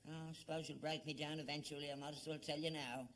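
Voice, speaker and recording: An older Cockney man plays an earnest, stubbornly defensive elderly father in a 1970s British sitcom. His voice is a little high and a bit bright, quick-paced with little pitch movement, and there's slight background noise.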